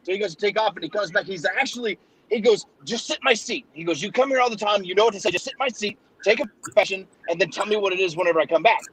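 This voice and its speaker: A man's voice: high voice, racing, a bit bright, slightly rough, rough recording. A man telling a long joke in casual chat, rambling and acting out the characters' voices. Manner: rambling storyteller, acts out voices.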